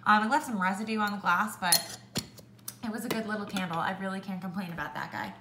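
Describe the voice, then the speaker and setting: A young woman chatting casually through a product review, with lots of "like" and an animated way of telling stories. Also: mid-range voice, fast, background noise. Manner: chatty, heavy use of "like", animated when ranting. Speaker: beauty vlogger. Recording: echoey room.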